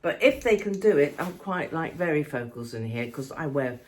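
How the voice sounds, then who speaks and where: A woman's voice: low-pitched, animated, moderate pace, darkish tone. Chatty older English woman vlogging. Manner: chatty, rambling, affectionate. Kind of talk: casual chat to camera. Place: outdoors walking and at home.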